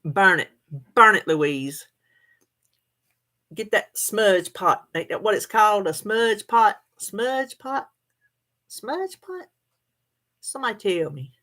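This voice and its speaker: A middle-aged American woman hosts a livestream, chatting casually with viewers and laughing often while answering their comments. She speaks unhurriedly in a mid-range voice with a sharp tone.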